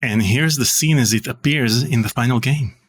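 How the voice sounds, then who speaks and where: A man hosting an interview, setting up clips and questions in a slow, deliberate way. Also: medium pitch, faint music behind. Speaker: host.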